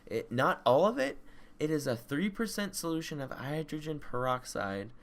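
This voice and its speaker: A young man co-hosting a podcast, telling a story in a rambling, casual way with lots of swearing and loud re-enacted yells. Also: on the high side, big pitch swings, normal speed, a little hiss or hum. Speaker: podcast co-host. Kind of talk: casual chat.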